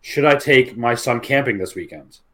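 Man, mid-pitched voice, podcast co-host, teasing, mocking tone when reading posts. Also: moderate pace, fairly bright tone. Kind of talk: casual chat.

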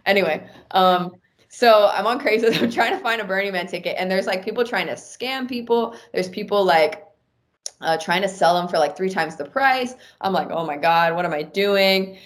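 A woman's voice: medium pitch, normal speed. A woman telling a personal story in a casual podcast chat, with many "like" fillers. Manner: animated, talks with many "like" fillers.

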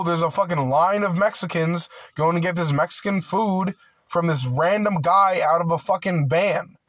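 A young man rants in a loose, aggrieved monologue, full of swearing, restarts and endless fillers. His voice sits a little high for a man. The recording is dry and close, with no room echo. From United States. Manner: profane, rambling, filler-heavy with many "like"s and restarts; aggrieved and heated. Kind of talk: casual ranting monologue.

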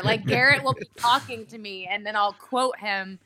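Bright-voiced woman film director. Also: fairly high pitch, normal speed, few pauses. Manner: candid, laughing easily. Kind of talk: casual interview talk.

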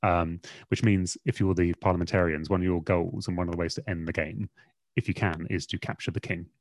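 A man's voice: deep voice, steady tone, fairly quick, no echo, studio quality. A man, a magazine editor, talking casually on a podcast in a rambling, self-deprecating way with lots of fillers.

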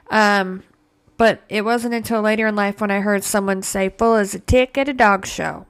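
Slow-talking playful woman podcast host. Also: mid-range voice. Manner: playful and slangy, mock-disgusted asides. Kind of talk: casual solo podcast monologue.

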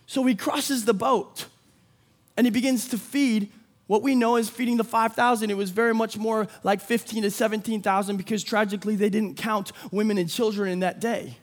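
A man preaching a sermon with energy, building to shouts and acting out quick voices for the people in the story. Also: high voice. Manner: energetic, rising to shouts, acts out disciples' voices. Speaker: pastor.

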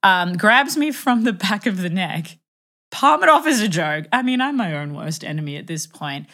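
A young woman telling a dating story in casual chat, animated and self-mocking, acting out the quotes. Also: medium pitch, moderate pace.

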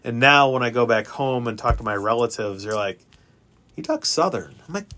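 Animated Chicago-born man telling travel stories. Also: normal speed. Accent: Chicago, softened by Kansas City. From Chicago area. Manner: animated storyteller, restarts and repeats words, jumps up in pitch for emphasis. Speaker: guest traveling by RV. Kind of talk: casual chat.

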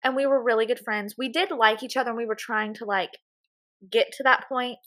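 A woman with a Southern US accent chats casually as a podcast co-host. Her voice is bright and a bit high, and she tells stories in an animated, chatty way. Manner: chatty, animated storytelling with quick laughs. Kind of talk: casual chat.

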